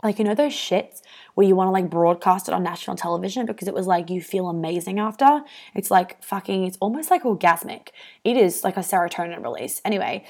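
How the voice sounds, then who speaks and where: A young woman hosts a wellness podcast in a medium-pitched, animated, fast and slightly mellow voice. She talks casually and candidly, swearing freely and packing her speech with "um" and "like."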